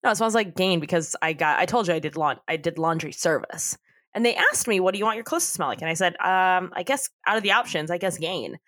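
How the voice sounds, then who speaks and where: A woman's voice: lowish voice, brisk, a bit bright. A woman co-hosting a casual podcast, giggling often as she retells scenes from a TV show. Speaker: podcast co-host. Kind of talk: casual chat recapping a TV show.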